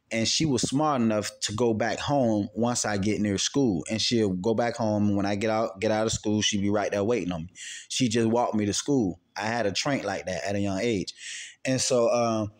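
Man, casual storytelling, swearing, rambling, loud then quiet. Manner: profane, rambling, swings from loud outbursts to low quiet recounting. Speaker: channel host answering questions.

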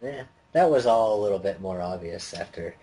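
A laid-back young man co-hosting a casual game chat, wry and relaxed. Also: low voice, moderate pace, a crowd in the background, poor audio. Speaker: co-host.

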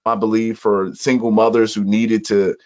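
A man from Chicago, a podcast guest, telling his life story in an earnest, measured way during an interview. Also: fairly low pitch, little pitch movement, darkish tone. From Chicago, USA. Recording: dull lo-fi audio.

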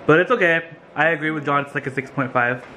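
A man's voice: on the high side, fast, sharp tone. Teasing man chatting at home. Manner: teasing, playful, laughs often. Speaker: vlogger. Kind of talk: casual family chat. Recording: noisy home recording.

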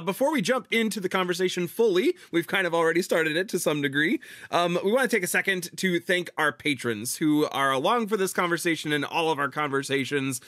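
A man co-hosting a theater podcast, talking in a friendly, casual way and thanking listeners. His voice sits a little high for a man, and he tends to repeat words as he gets going. The recording is dry and close. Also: bright, forceful tone, dry recording. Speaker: podcast co-host. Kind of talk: casual chat and patron appeal.

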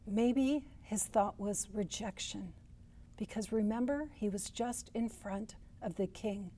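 A woman's voice: mid-range voice, takes it slowly, mellow. A woman therapist giving a church teaching, telling a scripture story and voicing people's thoughts with rising force.

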